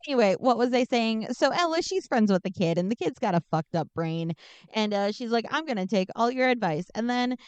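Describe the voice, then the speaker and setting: A woman's voice: fairly high pitch, brisk, smooth, no echo. A woman podcast co-host recapping a movie plot in a casual, joking, sarcastic way. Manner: joking, sarcastic, animated storytelling.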